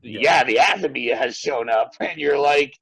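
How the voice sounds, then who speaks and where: A man's voice: medium pitch, unhurried, fairly bright tone, breathy edge, dry recording. A man co-hosting a podcast who rambles in casual chat, swears a lot and fills his sentences with filler words. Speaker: podcast co-host. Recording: dull, lo-fi sound.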